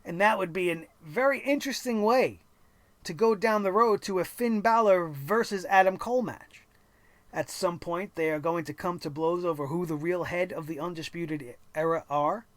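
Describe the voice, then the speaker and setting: A host recapping a wrestling show in a casual, opinionated way, telling the matches dramatically with emphatic pauses and swearing freely. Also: mid-range voice, dry recording. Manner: excitable, profane and opinionated.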